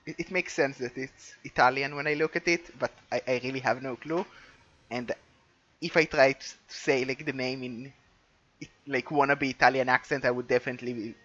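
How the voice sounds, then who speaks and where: A man co-hosting a casual game league recap, chatty with quick asides, over a dull lo-fi mic. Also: mid-range voice, steady tone, a bit bright. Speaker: recap co-host.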